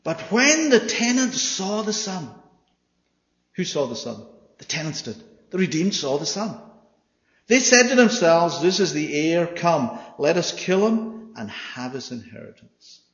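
A man preaching in a big, echoing church hall, and the sound is slightly dull. He reads scripture aloud and keeps asking the congregation questions. His voice jumps from loud to hushed. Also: fairly high pitch, a little slow. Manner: lively, asks the congregation questions, swings from loud to quiet. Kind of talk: expository sermon reading scripture.

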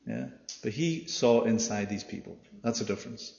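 Preacher in an echoey hall. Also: male voice, lowish voice, normal speed, gravelly. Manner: animated, swings from loud to hushed; plays out quoted voices, asks the room "yeah?". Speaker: pastor. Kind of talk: sermon. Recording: dull, echoey hall recording.

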